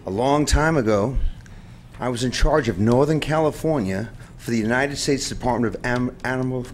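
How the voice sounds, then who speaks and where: A man's voice: mid-range voice, normal speed, a little hiss or hum. A man in his sixties telling rambling anecdotes during a public comment at a county board meeting. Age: 60s.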